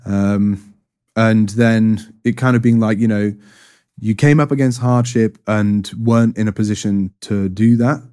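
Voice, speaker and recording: Thoughtful man, low mellow voice. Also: fairly even intonation, unhurried. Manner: thoughtful, hesitant, many fillers and restarts. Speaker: interview guest. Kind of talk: reflective personal testimony.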